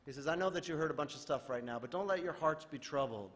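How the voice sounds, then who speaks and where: A male pastor preaching a sermon in a relaxed, conversational way, retelling scripture in everyday modern speech. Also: fairly high pitch, fast talker. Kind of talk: casual sermon. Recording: reverberant church hall.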